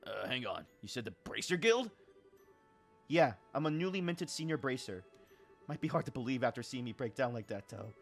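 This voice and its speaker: A man's voice: medium pitch, sing-song, vocal fry. Man voicing a spirited young fighter girl. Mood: curious. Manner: blunt, quick to doubt. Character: cheerful young woman, spirited guild fighter. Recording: faint game music behind.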